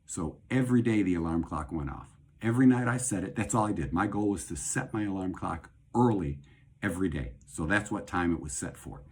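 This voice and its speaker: A middle-aged male host speaks in a low, slightly breathy voice. His talk is casual and rambling, and he restates his ideas over and over as he goes. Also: expressive, fairly quick. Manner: rambling, conversational, repeats phrases for emphasis. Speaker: host and doctor. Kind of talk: casual talk on faith and health.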